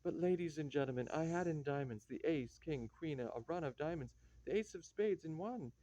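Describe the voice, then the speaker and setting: A man's voice: a little high, lively intonation, brisk, mellow, dry recording, lightly acted. A man voicing an indignant, hot-tempered middle-aged card player in a radio play, in a slightly dull dry recording. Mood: aggrieved. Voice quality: indignant, blustering.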